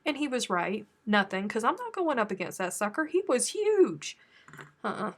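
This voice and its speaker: A woman's voice: mid-range voice, a little fast. A woman from the American South with a Southern accent, hosting a casual live chat with viewers and telling chatty stories. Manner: chatty storytelling, animated when telling stories. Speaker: crochet live stream host.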